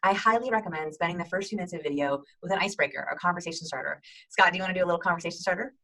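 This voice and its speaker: A bright, fast-paced woman coaching viewers through tips in an upbeat instructional video. She talks with lively energy in a slightly low voice and breaks into quick demonstrations of greetings. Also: poor audio. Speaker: host giving video call tips.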